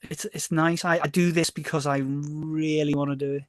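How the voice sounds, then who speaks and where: A middle-aged Liverpudlian with a Scouse accent speaks at normal speed in a voice on the high side, no echo around him. Guesting on a podcast as a DJ and label owner, he tells stories in a rambling, self-correcting way, often repeating words and animatedly playing out quoted exchanges.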